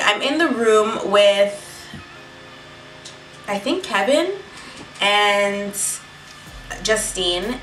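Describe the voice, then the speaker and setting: A woman telling a story in a casual, animated and profane way. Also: fairly high pitch. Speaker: beauty vlogger telling a story. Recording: echoey room, mic at a distance.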